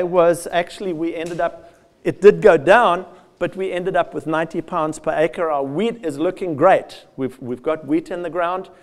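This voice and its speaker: A man giving a lively, conversational field day presentation with slides, addressing farmers directly and joking at his own expense. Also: high voice. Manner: lively with self-deprecating asides. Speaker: soil health speaker.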